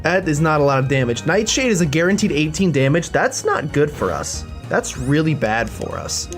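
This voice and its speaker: A let's-play commentator talking through a video game run in a quick, chatty, playful way. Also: medium pitch, very animated, soft background music.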